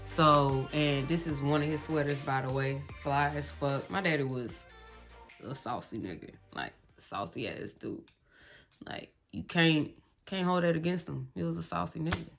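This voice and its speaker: A woman's voice: low-pitched, pushed and bright. A young woman vlogger telling a story in a casual, blunt, profane way.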